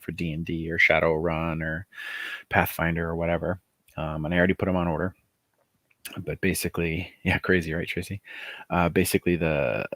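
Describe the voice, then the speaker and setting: A man casually chatting on a livestream, excited and rambling with fillers, greeting viewers as he talks through his project. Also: low-pitched, dry recording, clean studio sound. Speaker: author running a crowdfunding livestream.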